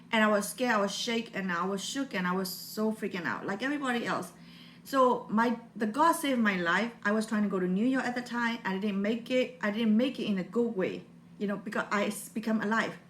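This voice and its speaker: A woman's voice: medium pitch, brisk, a bit bright, a little hiss or hum. Earnest Burmese-accented woman in her forties. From Burma. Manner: earnest, heartfelt, non-native phrasing. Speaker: motivational vlogger. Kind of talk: personal motivational talk.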